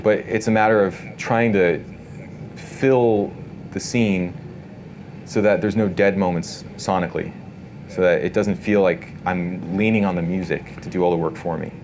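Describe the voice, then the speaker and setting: A man giving a casual live workshop talk to an audience in an event space, relaxed and talkative, full of filler words. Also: low voice, unhurried, slight background noise. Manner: relaxed, talkative, many "like" and "you know" fillers.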